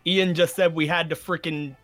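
A man's voice: fairly high pitch, steady tone, moderate pace, fairly bright tone. A man playing a tabletop game, chatty and joking, who repeats words while he thinks. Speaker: player. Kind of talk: casual tabletop play.

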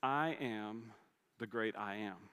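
A man voicing a patient, reassuring God, speaking in a hushed, steady way. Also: medium pitch, moderate pace, natural voice. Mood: calm reassurance. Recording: long hall reverb.

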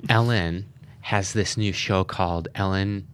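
A man's voice: deep voice, fairly even intonation, unhurried, clean tone. A man hosting a podcast interview, asking questions and encouraging his guest. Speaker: podcast host.

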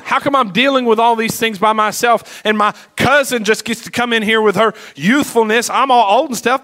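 A woman's voice: fairly high pitch, pushed and bright, voice pushed up. A male preacher voicing an older pregnant woman who complains that she is left alone. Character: aging pregnant woman, resentful and self-pitying.

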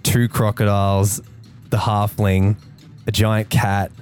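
A man playing a tabletop game, talking casually and thinking out loud through his turn. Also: on the low side, little pitch movement, slow, soft background music. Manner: casual, thinking aloud, laughs easily. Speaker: player.

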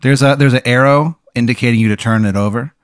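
A young man hosting a comedy podcast, telling an improvised absurd story with deadpan delivery. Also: medium pitch, quick pace, smooth, dry recording, studio quality. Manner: deadpan, building absurd scenarios.

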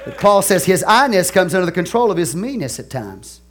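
A man preaching a sermon as pastor, animated, swinging between soft asides and loud exclamations, stretching key phrases slowly. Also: a little high. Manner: laughs and asks the congregation questions.

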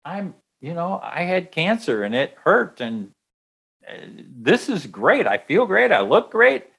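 A man's voice: sits high, sing-song, unhurried, gravelly, fairly bright tone, breathy edge, voice pushed up, heavily acted. A man voicing a stubborn woman who pleads to stay in heaven. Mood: insistent. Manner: insistent, pleading.

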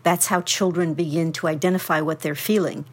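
Parenting expert, woman, slightly low and husky voice, encouraging explainer. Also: fairly even intonation, fairly quick. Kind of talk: explanatory podcast talk.

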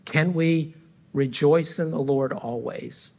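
A middle-aged man preaching a sermon as pastor, speaking earnestly and deliberately with frequent pauses between phrases. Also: a little high, slightly rough. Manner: earnest and reflective.

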